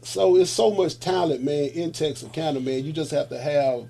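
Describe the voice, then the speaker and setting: A man tells stories in a relaxed interview chat. His voice is mellow and dark, sitting a little higher than most men's, and he keeps it loose and animated. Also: normal speed, gravelly. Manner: animated storytelling, says man a lot. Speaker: musician guest.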